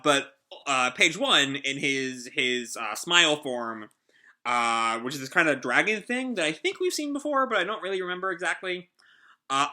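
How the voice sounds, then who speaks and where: A man's voice: mid-range voice, sharp tone. A man who hosts a casual comic reaction, talking in a rambling, hesitant way with many fillers. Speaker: host.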